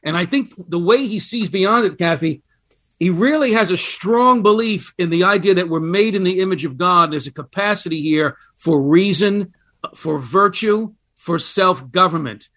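A man with a high voice talks as a guest in a radio interview. He explains ideas with animated emphasis and reads quotations aloud with weight. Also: moderate pace. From United States. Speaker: guest, history scholar.

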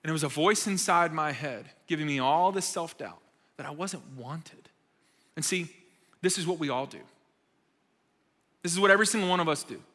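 Brief: male youth speaker, high register, storytelling sermon with jokes, reverberant church hall. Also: normal speed, pauses often, fairly bright tone. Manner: conversational storytelling, emphatic, self-deprecating humor. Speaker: speaker at a young adults' church gathering.

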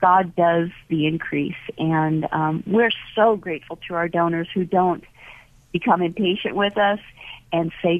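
A woman who teaches ministry classes, talking in a gentle, earnest way with many pauses and fillers. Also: on the low side, fairly even intonation, no room sound. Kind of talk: reflective talk. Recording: phone-line audio, dry.

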